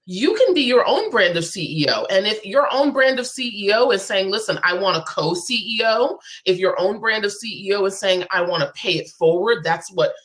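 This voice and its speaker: A woman's voice: mid-range voice, animated, normal speed, few pauses, a bit bright. A woman guest on a live show, a business coach talking in an emphatic, persuasive way and repeating her key phrases.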